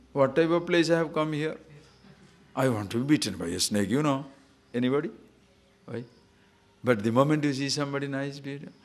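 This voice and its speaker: Man, swami, spiritual discourse, very animated intonation, rhetorical questions, slow verse chanting. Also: on the high side. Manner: lively, teasing rhetorical questions; chants short scripture verses slowly. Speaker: swami teaching scripture. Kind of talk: spiritual discourse to a live audience.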